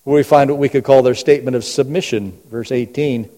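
Pastor guy preaching in a church, mellow dark voice, long echo off the walls, goes from loud to real quiet. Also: steady tone, a little fast. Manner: preaching with rhetorical questions, swinging between booming and hushed. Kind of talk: sermon. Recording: long hall reverb.

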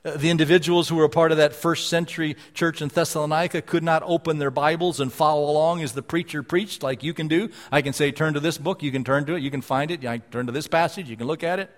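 A male preacher giving a sermon and reading scripture aloud, repeating key phrases with emphasis and dropping to a hush at times. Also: a little high, fairly even intonation, fast, hardly any pauses. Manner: repetitive emphatic phrasing, swings between loud and hushed. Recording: long hall reverb.

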